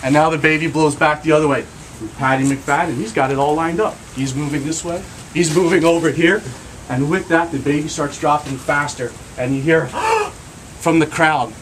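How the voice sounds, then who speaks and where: A man telling a lively joke story to a group, shouting out the characters' lines. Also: fairly high pitch, moderate pace. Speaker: storyteller leading a group of kids. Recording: noisy crowd recording.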